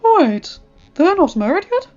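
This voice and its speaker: A woman's voice: very high voice, big pitch swings, measured pace, a little mellow, soft background music, pitched above the performer's own voice, full character voice. A woman voicing a pompous male king of the gods in a fan fiction read aloud, on a dull lo-fi recording.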